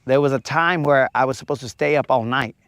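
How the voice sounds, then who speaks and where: A man's voice: medium pitch, a little fast, fairly bright tone, clean tone, no room sound. A man hosting a fishing livestream from a lake, bantering with his chat in a playful, teasing, slangy way.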